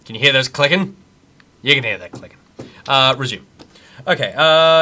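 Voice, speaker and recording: A man's voice: medium pitch, animated, moderate pace, pushed and bright, a little hiss or hum. A man streaming a video game, chatting casually, reading the game's text aloud and reacting jokily. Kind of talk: casual live gameplay commentary.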